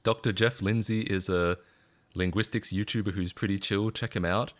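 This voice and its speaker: A man's voice: on the low side, fairly even intonation, moderate pace. A man with an Australian accent chatting casually on a live stream, rambling and self-deprecating with frequent chuckles.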